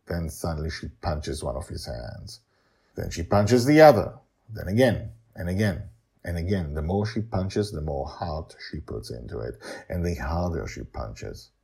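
Gravelly, husky storyteller man. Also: deep voice, a little slow. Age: older. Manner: animated, rambling asides. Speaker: podcast storyteller and author. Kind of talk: storybook narration and casual chat.

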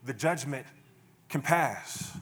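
In a church sanctuary, a pastor preaches to his congregation in a relaxed, conversational manner, often chuckling and drifting into playful asides. His voice is mid-range and his pace is slow.

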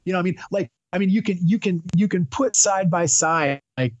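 A man's voice: high voice, moderate pace, dry recording, dull audio. A man talking as a podcast guest, rambling and enthusiastic with many fillers and restarts. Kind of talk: casual chat.

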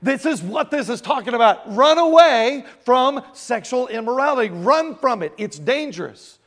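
A man's voice: extremely high pitch, expressive, normal speed, fairly bright tone. A male pastor giving a conversational sermon, asking rhetorical questions and answering them himself.

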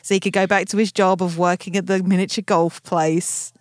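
A woman's voice: lowish voice, little pitch movement, brisk, darkish tone, dry recording. Gushing woman podcast co-host, dry sound. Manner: enthusiastic, gushing, quotes lines aloud. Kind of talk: casual chat.

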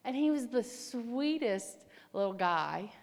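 A woman preaching a sermon, her fairly high voice animated and emphatic as she tells a story. Her words ring out with a long hall reverb. She leans hard into key phrases. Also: takes it slowly.

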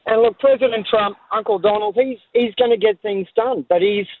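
Australian male caller, high voice, blunt and worked up, phone-line audio. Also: normal speed, dry recording. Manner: blunt, fired-up, repeats words.

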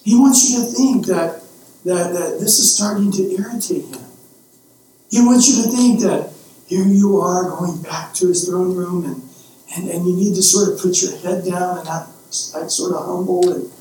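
Middle-aged preacher in an echoey room. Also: male voice, high-pitched, moderate pace. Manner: animated, repeats words while he stammers. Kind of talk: storytelling sermon. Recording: very echoey room, distant mic, faint hiss.

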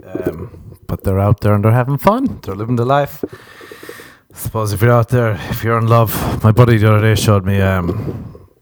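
A man's voice: fairly low pitch, normal speed, a little hiss or hum. A young Irish man hosting a solo comic podcast, rambling and swearing freely and laughing at his own jokes. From Ireland. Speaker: podcast host.

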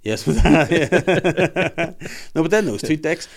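A man's voice: on the high side, slow pace, vocal fry. A man hosting a podcast, telling sweary stories in casual chat and acting out quotes. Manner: sweary, animated storytelling with acted-out quotes. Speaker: podcast host.

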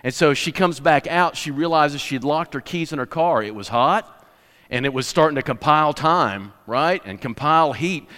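A man's voice: a little high, a bit bright, smooth. A man preaching a sermon, telling stories and building to emphatic points. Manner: storytelling preacher, rising to emphatic declarations. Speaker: pastor. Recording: long reverb of a large hall.

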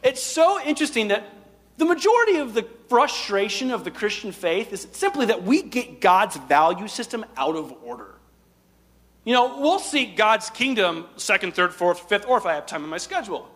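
A man preaching a sermon in a high, lifted voice. He swings between loud emphatic lines and quiet, hushed asides. His voice carries a long hall reverb. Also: very animated, normal speed. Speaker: pastor.

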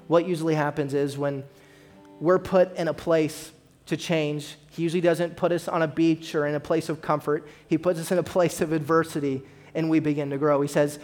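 A male pastor preaching a Sunday sermon in an earnest manner, often turning to the congregation with questions. His voice sits a little high for a man, with faint music playing underneath. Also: fairly even intonation, moderate pace, a little mellow. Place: church.

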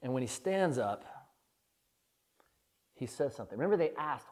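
A man's voice: medium pitch, big pitch swings, moderate pace, a little mellow. A man preaching a conversational sermon, telling a personal story in an earnest, candid way that swells with feeling.

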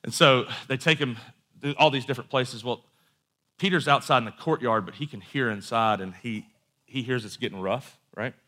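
A man's voice: medium pitch, normal speed, sharp tone. A man preaching a sermon in a conversational storytelling way, with asides and quoted voices.

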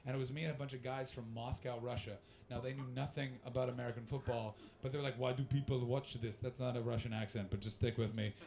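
This is a young Canadian man on a stand-up stage, trading talk with the audience and telling profane, loose, animated tales. He speaks fast in a mid-range voice with hardly any pauses, over a slight hiss or hum.

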